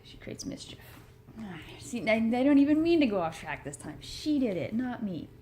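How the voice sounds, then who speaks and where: A woman's voice: fairly high pitch, big pitch swings, moderate pace, warm tone, slight background noise. A woman vlogging at home, chatting in a rambling, earnest, self-deprecating way about motivation. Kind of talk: rambling casual chat. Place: home room with her cat.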